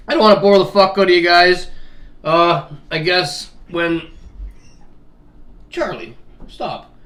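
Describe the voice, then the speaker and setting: A Canadian man with a Canadian accent chats loosely at his kitchen table for a casual vlog, crude and swearing, laughing as he talks and tagging lines with "eh." His voice is high-pitched and a bit bright.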